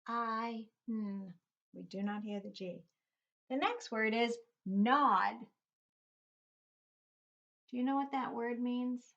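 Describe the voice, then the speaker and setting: A woman's voice: on the high side, takes it slowly, long pauses, a bit bright. A middle-aged woman teaching a phonics lesson to young children, patiently spelling words out letter by letter. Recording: dull lo-fi recording.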